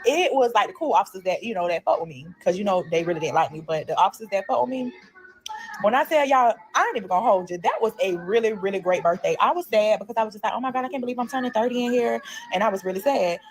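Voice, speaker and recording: Fast-talking woman telling a story. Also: mid-range voice, faint music behind. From Florida, USA. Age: 30s. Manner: animated, slangy, addresses viewers as y'all and child. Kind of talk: casual storytime chat.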